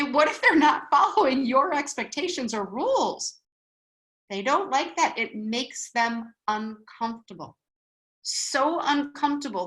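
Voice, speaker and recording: A woman with a fairly high voice leads a spiritual wisdom class. She talks in an animated lecture style. She keeps checking in with her listeners with a quick "okay?". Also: low-quality recording.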